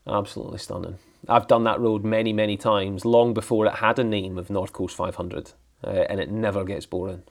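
A man's voice: fairly low pitch, fairly even intonation, a little fast, creaky, few pauses. A Scottish man chatting as a podcast guest, telling stories with rambling enthusiasm. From Scotland. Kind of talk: casual chat.

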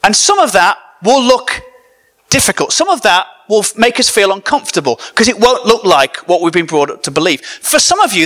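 Bright, lively-voiced man preaching with comedy. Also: high voice. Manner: animated, joking, banters with the audience. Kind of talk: comedic sermon to a live audience.

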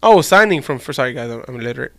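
A middle-aged American man hosting a casual chat, loud, laughing and profane. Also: medium pitch, expressive, very fast, dry recording. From United States.

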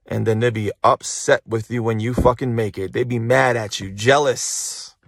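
A man delivers a casual motivational monologue into a phone held in his hand. His pitch sits in the middle for a man, and the sound is close and dry with no room echo. He talks bluntly and swears often, driving each point home by repeating it. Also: steady tone, moderate pace, gravelly, slightly rough. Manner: profane, emphatic, repeats phrases for emphasis. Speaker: motivational podcast host. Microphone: phone held while talking.

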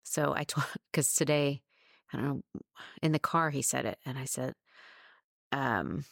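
Low-pitched lady chatting on a podcast, dry close sound, laughs a lot. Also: measured pace, vocal fry, no echo. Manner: chatty storytelling, laughs often. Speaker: podcast co-host. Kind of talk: casual chat.

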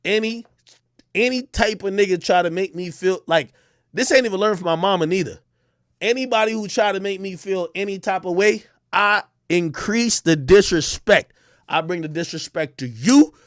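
Loud, boastful man on a high-pitched rant. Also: normal speed, no echo, clean studio sound. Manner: loud, boastful, profane trash talk. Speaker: online personality. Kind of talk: ranting to camera.

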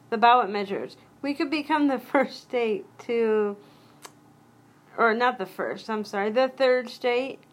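A woman's voice: fairly high pitch, fairly bright tone. A woman hosting her own solo podcast, talking casually in a rambling way and often cutting herself off mid-thought. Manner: rambling, interrupts herself, chatty asides. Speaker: podcast host.

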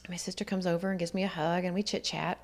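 A guest recounts her life story in a slightly low, noticeably gravelly, raspy voice. Her tone stays steady and her pace quick as she reflects earnestly, voicing the other people in her tale along the way.

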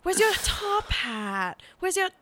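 A woman putting on the voice of a scruffy, rambling older man who is begging, drawing out his questions slowly. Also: extremely high pitch, very animated, a loud crowd, pitched above the performer's own voice, exaggerated voice. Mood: wheedling.

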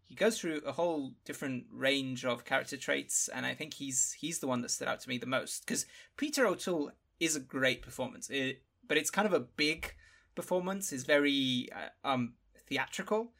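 A man's voice: mid-range voice, normal speed, creaky, fairly bright tone. A man co-hosting a podcast, talking through a film in a casual, thoughtful way and searching for words as he goes.

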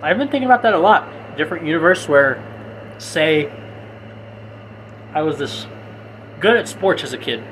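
A man's voice: a little high, sing-song, moderate pace, long pauses, a bit bright. A young man co-hosting a casual podcast with his brother, musing through ideas with many fillers and restarts. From Hispanic family, grew up in the US. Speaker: podcast co-host. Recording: noisy home recording.

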